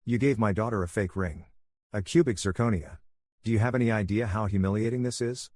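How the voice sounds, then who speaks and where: A man's voice: on the low side, fairly quick, a little mellow, no echo, studio quality, lightly acted. Furious middle-aged mother, read by a man. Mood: outraged.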